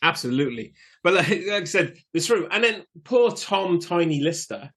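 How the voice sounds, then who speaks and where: A man from Wales co-hosting a casual film podcast, laughing easily and jumping in quickly. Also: on the high side, very animated, a bit bright, husky. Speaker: podcast co-host.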